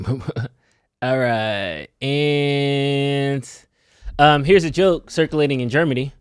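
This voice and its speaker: Guy cohost reading memes flat and deadpan, dry close sound. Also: medium pitch, slow pace, clear, resonant tone, no echo. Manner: dry, deadpan joke delivery. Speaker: co-host. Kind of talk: casual chat reading memes.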